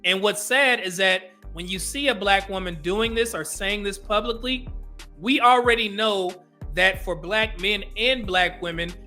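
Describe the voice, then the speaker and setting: A man with a high, bright voice talks straight to his viewers as the host of his own commentary channel. His delivery is earnest and conversational, with faint music playing low behind him. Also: measured pace. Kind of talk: reaction commentary.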